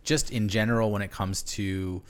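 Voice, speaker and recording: Male podcast guest, lowish voice, meandering storyteller, lots of restarts. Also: steady tone, normal speed, clear, resonant tone. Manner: rambling, many restarts and fillers. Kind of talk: casual storytelling.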